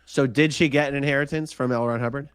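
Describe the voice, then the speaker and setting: A man's voice: medium pitch, steady tone, fast talker, clear, resonant tone, no echo. A man hosting a live-stream panel chat, reading viewer comments aloud and pressing guests with pointed questions. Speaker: host.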